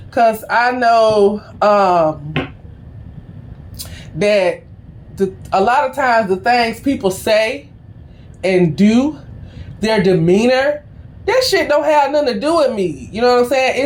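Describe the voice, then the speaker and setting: Animated, slangy middle-aged woman. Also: fairly high pitch. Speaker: tarot reader. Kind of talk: casual storytelling before a tarot reading.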